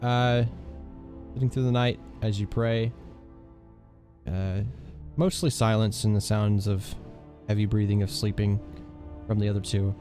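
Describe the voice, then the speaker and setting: Dude running a tabletop game, rambly, lots of uhs and restarts. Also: male voice, fairly low pitch, flat delivery, a little slow, dark tone, faint music behind. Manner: loose, lots of filler words and restarts. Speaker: game master.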